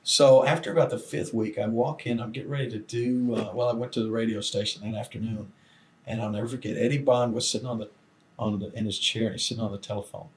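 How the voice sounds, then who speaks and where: An older man, guest in a long interview, telling old stories with lively acted-out quotes. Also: fairly low pitch, fast. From Southern United States. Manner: animated storyteller acting out quoted voices. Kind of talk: storytelling shoot interview.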